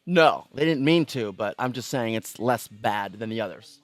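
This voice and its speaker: A man's voice: medium pitch, lively intonation, moderate pace, dry recording. A man hosting a casual gaming podcast, playful and prone to hammy announcer bits. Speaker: podcast host. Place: gaming venue.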